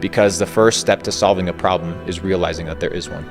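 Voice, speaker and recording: A man's voice: low-pitched, steady tone, quick pace. A man giving motivational advice in blunt, short, declarative statements. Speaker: guest. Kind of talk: motivational talk. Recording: faint background music.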